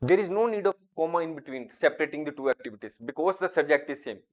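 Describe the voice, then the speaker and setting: A man teaching a grammar lesson, going through each example slowly and deliberately. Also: fairly high pitch, expressive. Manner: slow, deliberate, explains each example step by step. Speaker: English teacher.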